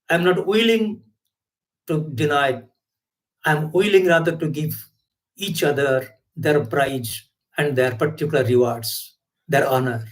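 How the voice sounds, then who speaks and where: Guy preaching at a satsang, kinda high voice, repeats himself a lot for emphasis, lots of rhetorical questions. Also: unhurried, long pauses, rough recording. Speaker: spiritual teacher. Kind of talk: sermon.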